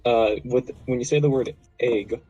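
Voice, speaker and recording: An American man in a casual gaming voice chat, explaining things in a measured way with hesitant fillers. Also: medium pitch, mellow, highs cut off, soft background music. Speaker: gamer in voice chat.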